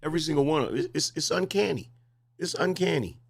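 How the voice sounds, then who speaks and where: A man's voice: fairly high pitch, fast talker, creaky, breathy edge. A man in his forties hosting reaction commentary, mocking and incredulous, pressing the same question again and again. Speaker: commentary host.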